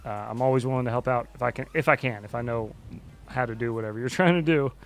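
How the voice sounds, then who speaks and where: A man's voice: mid-range voice, fast talker, a little hiss or hum. Rambling, foul-mouthed man hosting a stream. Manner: rambling and loose, swearing often. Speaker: livestream host. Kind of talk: casual chat while flying a drone simulator.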